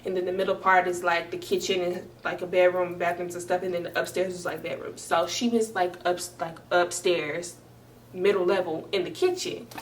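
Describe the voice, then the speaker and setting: Young woman in her 20s, casual storytime, slangy and profane, animated, a little distant from the mic. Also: on the low side, moderate pace, a little hiss or hum. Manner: animated, slangy, frequently swearing, talks straight to viewers. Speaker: storytime vlogger.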